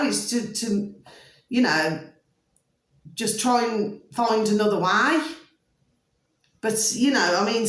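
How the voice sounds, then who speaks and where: Woman vlogger, fairly high voice, ranting emphatically to camera in a very echoey room. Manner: repetitive, keeps asking "do you see what I'm saying"; emphatic, peppered with "flipping". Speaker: video blogger. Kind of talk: casual talking-to-camera rant.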